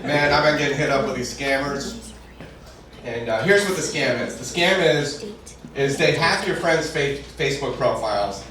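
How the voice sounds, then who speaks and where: A man's voice: medium pitch, animated, normal speed. A man doing a stand-up comedy set on stage, telling stories conversationally and punching up his lines. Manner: conversational storytelling, shouts punchlines. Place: comedy club stage before a live audience. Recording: echoey room recorded from a distance with crowd laughter. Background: audience laughing.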